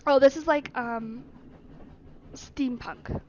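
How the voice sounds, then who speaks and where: A woman streamer reads a story game aloud and breaks off for chatty asides to her viewers. Her voice sits high, with a little background noise and dull, lo-fi stream audio. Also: a little slow. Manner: chatty asides between read passages. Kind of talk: let's play, reading a story game aloud.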